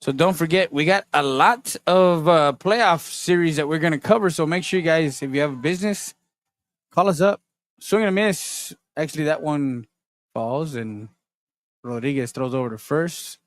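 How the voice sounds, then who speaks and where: A man's voice: fairly high pitch, moderate pace, no room sound. A man calling baseball play-by-play and reading sponsor plugs in a casual tone. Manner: chatty, reads sponsor plugs. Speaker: baseball commentator.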